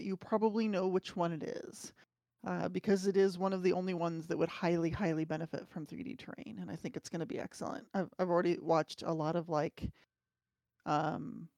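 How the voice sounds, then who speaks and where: A woman's voice: lowish voice, dark tone, dry recording. Chatty enthusiastic woman, dry close sound. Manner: enthusiastic, chatty, restarts a lot. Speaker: podcast panelist. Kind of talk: casual chat.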